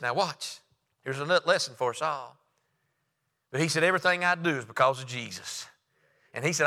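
A man preaching a sermon, telling folksy stories and rising to loud, emphatic lines. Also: fairly high pitch, in a large hall.

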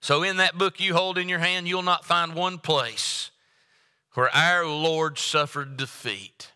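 A man preaches in a church with a bright, clear, resonant voice that carries a long reverb through the hall. His delivery builds with fervent repetition. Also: a little high, steady tone, slow. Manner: preaching with rising fervor and repetition. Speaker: pastor. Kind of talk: sermon. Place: church sanctuary.

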